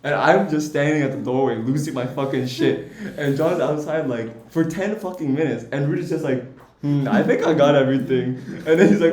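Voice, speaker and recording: Animated, profane young man telling a story. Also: fairly high pitch, fairly quick. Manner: animated, profane, laughs while telling stories. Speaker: podcast co-host. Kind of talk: casual storytelling chat. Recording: echoey room.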